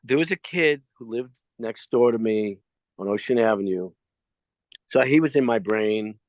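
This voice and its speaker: A man's voice: mid-range voice, moderate pace, no room sound. A middle-aged man, an actor being interviewed, telling anecdotes casually and acting out the lines. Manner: animated anecdotes with acted-out quotes. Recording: dry, slightly dull sound.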